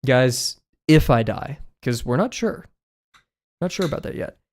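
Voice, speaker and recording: Easygoing male streamer, mid-pitched, rambles and laughs while he draws. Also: expressive, measured pace, darkish tone. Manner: rambling, laughs often, many fillers. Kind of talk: casual chat while drawing.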